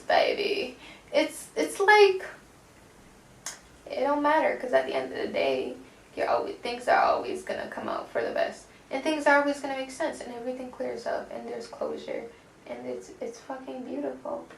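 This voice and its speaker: Here a tarot reader with a high, gravelly voice speaks a little fast, her pitch leaping all over. Her pick-a-card reading is loose and slangy, peppered with swearing and "baby" aimed at the listener. It's recorded from afar in an echoing room with a faint hiss.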